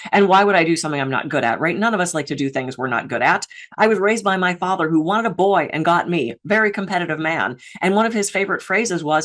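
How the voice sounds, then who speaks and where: A middle-aged woman giving a lively storytelling talk as a stress coach, acting out her own inner dialogue with big swings of her voice. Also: fast. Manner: animated, acts out her inner dialogue with big pitch jumps. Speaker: keynote speaker and stress coach.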